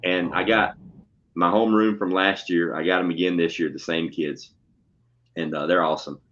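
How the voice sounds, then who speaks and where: A man's voice: low-pitched, fairly even intonation, moderate pace, fairly bright tone. A man, a schoolteacher, telling stories in casual, profane, blunt chat. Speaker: podcast co-host, schoolteacher. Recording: dull lo-fi audio with faint noise.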